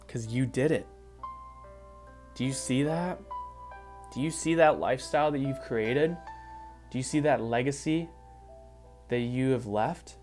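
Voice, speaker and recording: Motivational speaker, male, mid-range voice: emphatic, repetitive visualization talk over soft music. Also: mid-range voice. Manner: emphatic, repetitive, building to excited peaks. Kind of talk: guided visualization speech. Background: faint background music.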